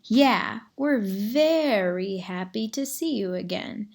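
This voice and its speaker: A woman's voice: mid-range voice, animated, slow pace, a little mellow. A woman voicing a young male bear, a sulky tagalong little brother in a storybook. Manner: echoing, sulky.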